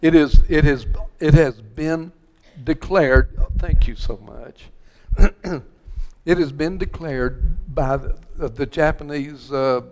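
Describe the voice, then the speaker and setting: A man's voice: fairly high pitch, slow pace, a little mellow. An older man from West Texas preaching a sermon, telling stories in a rambling way full of restarts and repeated words.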